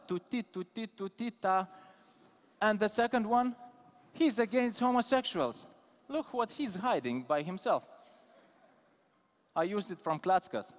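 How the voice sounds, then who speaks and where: A man with an Eastern European accent speaks from a conference stage, needling the crowd and picking out people to tease. His voice sits a little high for a man and rings with the long reverb of a big hall. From Lithuania. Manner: teasing, provocative, calls out audience members. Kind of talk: live conference talk.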